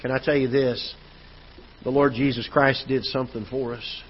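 A pastor preaching a sermon in a church auditorium, telling a personal story in a relaxed, conversational way. His voice sits at a middling pitch for a man. The live broadcast sound is a little dull, with a faint hum of the room behind him. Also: normal speed. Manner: storytelling, conversational, with repeated restarts.

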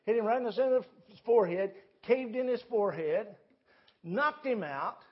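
A pastor's sermon, recorded with the highs cut off, finds him retelling a Bible story folksily from the church sanctuary, complete with quoted voices. He sounds high-pitched, animated, and husky, moving at a moderate pace.

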